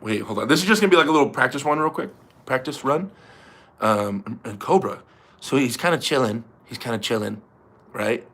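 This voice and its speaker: Chatty man with a bright voice. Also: medium pitch, lively intonation, brisk. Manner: rambling, chatty, laughs often. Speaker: livestream host. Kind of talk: casual livestream chat.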